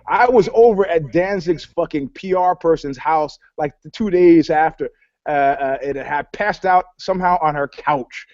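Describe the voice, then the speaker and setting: A man with a fairly high voice rambles through profane stories in a casual podcast chat, acting out quotes as he goes. He talks over a video call, and the sound is dull and dry. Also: moderate pace, a little mellow, no echo. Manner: profane, rambling storyteller who acts out quotes. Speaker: panelist.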